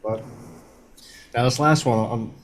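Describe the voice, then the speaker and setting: A man's voice: medium pitch, a little slow, slight background noise. A man co-hosting a casual sports podcast, easygoing and laughing things off as he eats hot wings on a bet. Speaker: co-host.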